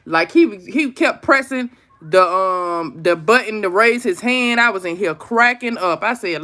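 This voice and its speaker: A woman's voice: medium pitch, moderate pace. A woman in her thirties hosting a live stream, talking casually and animatedly to her viewers about her kids' online classes. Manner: animated storytelling, talks straight to viewers as "y'all".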